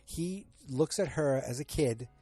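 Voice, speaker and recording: A man's voice: mid-range voice, animated, measured pace, mellow, slightly rough, soft background music. A man hosting a podcast, casually recapping a TV episode in a rambling way with many fillers and restarts. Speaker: podcast host.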